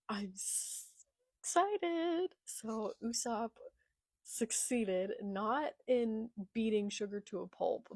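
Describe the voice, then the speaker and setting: A young woman reads a comic aloud and reacts as she goes, excitable and often dropping into whispered asides. Her delivery is slow and unhurried, with a gravelly, fry-tinged texture. The sound is dry and close, with no room echo. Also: medium pitch. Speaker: manga reaction reader. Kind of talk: live manga read-along with reactions.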